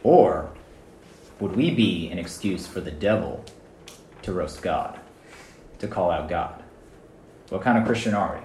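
Casual youth preacher, male, lively and chatty, mic a bit far off, echoey room. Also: low-pitched, a little slow, long pauses, a little hiss or hum. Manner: conversational, animated, frequent "right?" and "guys". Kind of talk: casual sermon.

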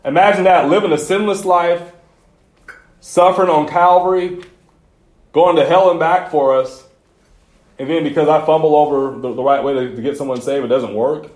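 A man with a fairly high, steady, slightly mellow voice preaches at a moderate pace with long pauses. As a youth pastor addressing a youth group, he's casual and conversational, mixing personal stories with slangy asides in an echoey room.

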